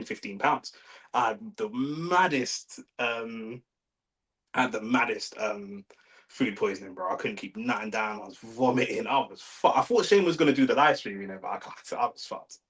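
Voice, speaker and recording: Hosting a livestream watch-along of a fight, this young Londoner chats in a relaxed, slangy way, swearing and reading out chat messages. He has a medium pitch, lively intonation, a fairly bright tone and normal speed, and the recording is rough.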